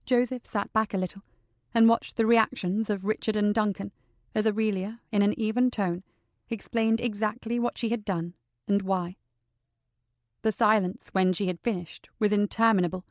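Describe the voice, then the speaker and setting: Calm woman audiobook narrator, dry sound. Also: mid-range voice, normal speed, no echo.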